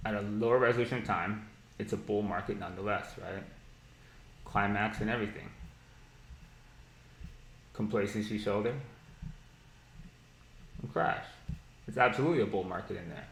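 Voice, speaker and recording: A man with a lowish voice gives a live-stream trading lesson, blunt and heavy on profanity. He mocks ideas he thinks are silly and often laughs at them. The sound bounces around an echoey room. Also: moderate pace, long pauses, fairly bright tone, slight background noise. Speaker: market analysis streamer.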